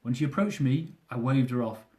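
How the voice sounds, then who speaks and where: A man's voice: medium pitch, expressive, a little fast, mellow. A young man reading aloud from his own travel memoir, with dry, self-mocking humour.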